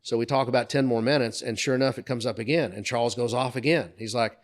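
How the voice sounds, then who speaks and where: A man's voice: medium pitch, quick pace. A middle-aged man co-hosting a podcast, telling career anecdotes in casual chat and raising his voice to act out the people he quotes. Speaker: podcast co-host.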